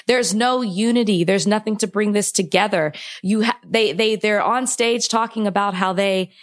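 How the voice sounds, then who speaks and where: A woman co-hosting a podcast in casual conversation. She talks in a mid-pitched voice, with halting restarts and rising, emotional frustration. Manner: impassioned, frustrated, on the verge of tears. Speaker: podcast co-host. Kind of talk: casual chat.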